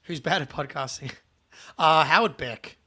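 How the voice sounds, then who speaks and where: High-ish bright voiced guy, laughs a lot, chatty live stream host. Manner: excitable, laughs often, quick apologies. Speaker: podcast co-host. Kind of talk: casual live-stream chat.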